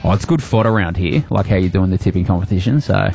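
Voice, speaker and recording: Lively Australian radio host, man. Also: low voice, fast, vocal fry, faint music behind. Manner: chatty, upbeat, filler-heavy. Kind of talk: casual radio banter.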